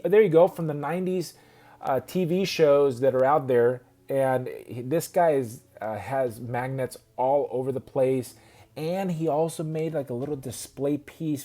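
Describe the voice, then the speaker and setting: A man's voice: medium pitch, mellow. A man hosting a casual video about custom action figures, rambling and correcting himself as he goes. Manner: rambling, self-correcting, chatty.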